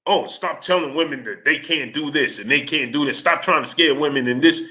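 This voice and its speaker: A man with a bright, forward voice hosts a casual sports livestream. He keeps greeting viewers in the chat by name between points and breaks into animated, exasperated rants. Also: fairly high pitch, fairly quick. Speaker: livestream host.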